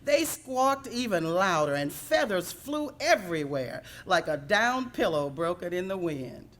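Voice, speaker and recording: A woman reading a children's storybook aloud in an expressive, measured way. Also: on the low side. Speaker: reader.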